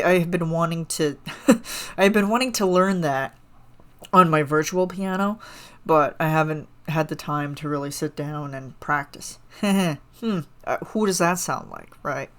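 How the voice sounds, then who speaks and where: A woman with a low voice and a measured pace hosts a solo podcast, reacting to a song. She gushes about it in a rambling, casual way full of fillers.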